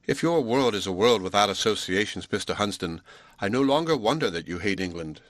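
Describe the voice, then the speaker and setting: A man's voice: fairly low pitch, lively intonation, a little fast, no echo, natural voice. Proud young Swiss woman, read by a man. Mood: earnest. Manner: earnest, defiant.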